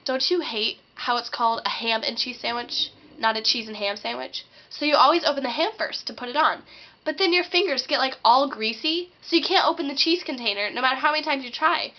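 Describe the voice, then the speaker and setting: A woman's voice: high-pitched, fairly quick. A teenage girl ranting sarcastically in a vlog, acting out what other people say. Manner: sarcastic, acts out quoted voices. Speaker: vlogger. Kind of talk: sarcastic comedic rant. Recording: dull lo-fi webcam audio.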